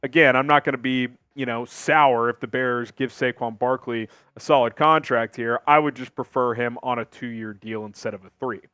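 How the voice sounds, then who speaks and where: A man hosting an opinionated sports talk show, talking emphatically with big swings in pitch and volume. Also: steady tone, moderate pace, few pauses, pushed and bright, clean tone, dry recording, studio quality.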